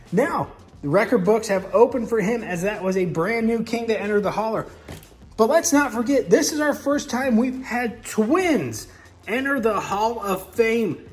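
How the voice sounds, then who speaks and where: A man hosting and commentating toy monster truck races from his home garage, in a hyped, dramatic announcer style. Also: fairly high pitch. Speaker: host and race commentator. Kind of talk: excited race commentary.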